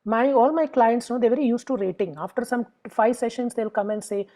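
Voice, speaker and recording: A woman's voice: fairly high pitch, brisk, dark tone, low-quality recording. A middle-aged woman with an Indian English accent, a psychologist explaining emotions to parents step by step in a lecture and acting out the lines of clients and children. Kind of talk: lecture with examples.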